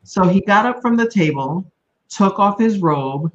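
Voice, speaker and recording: A woman reading scripture aloud in a steady, plain way. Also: medium pitch, unhurried. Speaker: scripture reader. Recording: dull, lo-fi sound.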